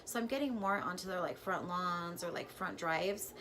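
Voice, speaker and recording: A woman vlogger telling a personal story in a casual, chatty way, full of "like" and with sudden jumps from quiet to loud. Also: on the low side, normal speed, crowd noise. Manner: chatty and filler-heavy, says "like" constantly; animated, with sudden swings from hushed to loud.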